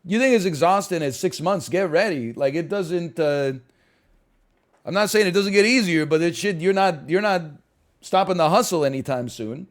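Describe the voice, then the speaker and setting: Lively, rambling male streamer. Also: high-pitched, moderate pace. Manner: animated, rambling, sarcastic, profane; frequent stammers and restarts. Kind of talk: casual stream chat.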